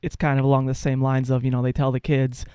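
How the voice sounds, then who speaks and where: A man's voice: mid-range voice, monotone, fast talker, warm tone, clean tone, dry recording. A young man hosting a radio interview, asking long, hesitant, rambling questions. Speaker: radio host.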